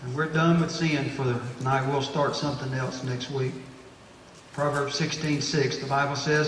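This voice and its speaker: A man, a pastor preaching a sermon to his church group, exhorting and repeating phrases as he builds to loud, emphatic bursts. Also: mid-range voice, level tone, moderate pace, slight background noise. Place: church hall. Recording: echoey hall, distant mic.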